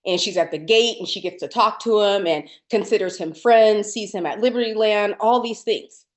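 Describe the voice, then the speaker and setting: A woman's voice: medium pitch, normal speed. A woman co-hosting a podcast, chatting casually with many fillers and restarts. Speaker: podcast co-host. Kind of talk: casual chat.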